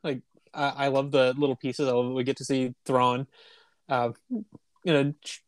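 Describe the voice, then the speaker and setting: A man co-hosts a casual podcast with a mid-pitched voice on a dry, close mic. He jokes, swears freely and stumbles through quick repeated restarts. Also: steady tone, no room sound. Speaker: podcast co-host.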